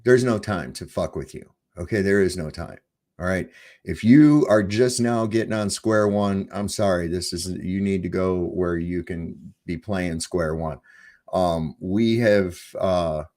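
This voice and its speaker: A man's voice: low-pitched, unhurried, darkish tone. A man hosting a livestream, talking in a casual, rambling and profane way, full of fillers. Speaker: livestream host.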